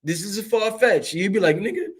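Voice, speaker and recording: A man, hosting a show in a loud, excitable monologue that swings up and down and breaks into laughter. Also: normal speed. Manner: loud, excitable, swings high and low, laughs often, swears freely. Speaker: show host. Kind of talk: animated livestream monologue.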